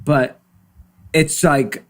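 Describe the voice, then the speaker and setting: A man with a fairly high voice, chatting casually as a podcast co-host. He talks earnestly and cites figures. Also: steady tone, very slow. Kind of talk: casual chat.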